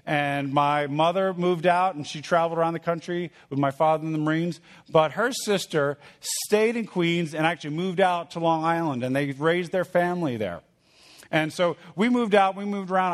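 A man preaching a sermon in a conversational teaching manner, repeating key phrases and checking in with his listeners. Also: a little high. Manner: teaching with a drawing. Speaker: pastor.

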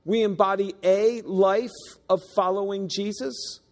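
A man's voice: high voice, fairly even intonation, a little slow, in a large hall. A man preaching a sermon, earnest and emphatic, stressing key words and sometimes restarting his sentences. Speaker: pastor. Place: church sanctuary.

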